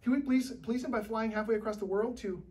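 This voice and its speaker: A woman preaching a sermon in a church, talking in a conversational, lively way with shifting loudness. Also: a little high, fast, distant mic.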